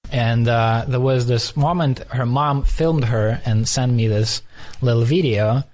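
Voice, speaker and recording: A podcast host from the former Soviet Union leads a conversational interview, telling stories quickly yet thoughtfully and often restarting his sentences. His voice is mid-range with a darkish tone.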